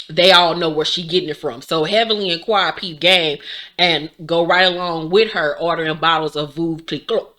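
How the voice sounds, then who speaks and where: A woman in her forties, tired and yawning, recapping a reality show in casual, animated talk full of swearing and laughter. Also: lowish voice. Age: 40s.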